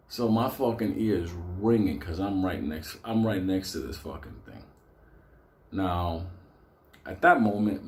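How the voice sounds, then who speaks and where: A man's voice: fairly low pitch, a little mellow. A man telling a story casually, rambling, laughing and swearing a lot. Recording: roomy echo.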